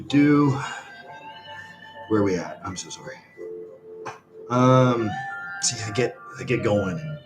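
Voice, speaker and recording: A man's voice: on the low side, low-quality recording. A man hosting a live stream, rambling and sighing as he talks to viewers and reads their comments aloud. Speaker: livestream host. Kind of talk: rambling casual livestream chat. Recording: music playing behind.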